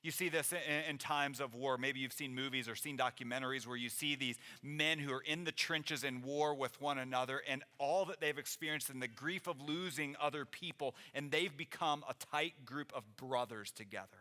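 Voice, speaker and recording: A man's voice: mid-range voice, bright, forceful tone. A man preaching a sermon as pastor in a church, earnest and conversational, often restarting his phrases. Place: church sanctuary.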